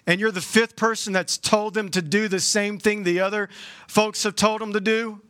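A man preaching a sermon as a pastor, in a conversational and animated way with sudden jumps in pitch. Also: moderate pace, smooth, no echo, clean studio sound.

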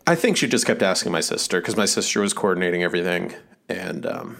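A man's voice: sits low, lively intonation, fast, creaky, a bit bright. A man in his thirties from Massachusetts, co-hosting a casual podcast in a rambling, laid-back way. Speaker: podcast co-host. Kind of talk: casual chat. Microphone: remote call mic.

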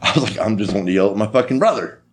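A man's voice: fairly low pitch, rapid-fire, a little hiss or hum. A man telling a long story in a casual chat, swearing freely and acting out the dialogue. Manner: profane, animated storytelling with quoted dialogue.

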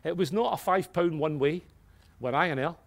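A man preaching a sermon, swinging from hushed, earnest passages to loud exclamations, with light-hearted asides. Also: fairly high pitch, normal speed, gravelly. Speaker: pastor.

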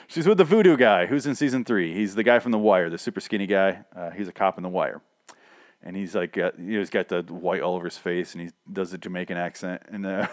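A man with a somewhat low voice talks through a TV episode in a loose, rambling way. He swears freely, loses his train of thought and breaks into laughs. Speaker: podcast host recapping a TV show. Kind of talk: casual profane recap monologue.

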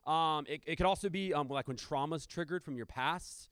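A man's voice: a little high, normal speed, fairly bright tone, clean tone, dry recording. A man preaching a sermon as pastor, in a conversational manner with rhetorical questions and asides.

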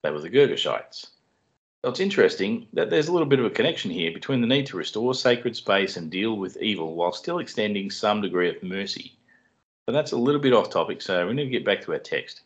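A man who co-hosts a podcast and explains Bible passages in a measured way with dry humor. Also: fairly low pitch, very animated. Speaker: podcast co-host explaining scripture. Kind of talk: teaching Bible study podcast. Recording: dull lo-fi sound.

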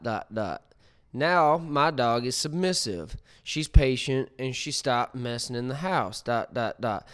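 A man's voice: medium pitch, a bit bright, clear, resonant tone. A man reading as a blunt, self-assured woman. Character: angry woman posting harsh dog-training advice.

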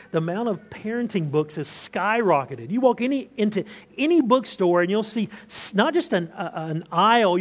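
High-voiced man preaching a sermon. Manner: conversational preaching with rhetorical questions and restarts. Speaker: pastor.

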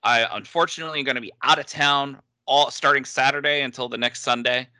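A man co-hosting a podcast in casual chat, talking in a drawn-out, hesitant way and laughing easily. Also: mid-range voice, fairly even intonation, bright, forceful tone, dry recording, clean studio sound. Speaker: podcast co-host.

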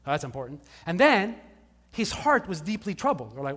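Male pastor, high voice, chatty sermon with quick jokes to the congregation, big reverberant hall. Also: very animated, a bit bright, husky. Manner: casual, joking asides with the congregation. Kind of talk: conversational sermon. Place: church service before a live congregation.

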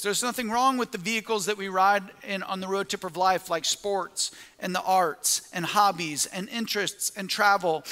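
A man's voice: high-pitched, pushed and bright, long reverb tail. A man preaching a sermon, telling a story with quoted asides and frequent restarts.

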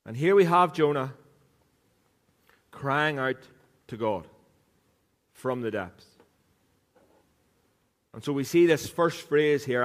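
A man's voice: medium pitch, expressive, slow, pauses often. A man preaching a sermon on a microphone, conversational and joking, teasing people in the congregation as he talks. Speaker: pastor. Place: church hall. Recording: reverberant hall sound.

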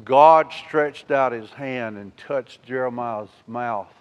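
A man preaching a sermon as pastor, acting out scripture with lively emotion and addressing the congregation. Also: medium pitch, slow, dull audio. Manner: animated, acts out scripture with rising emotion. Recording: long church reverb.

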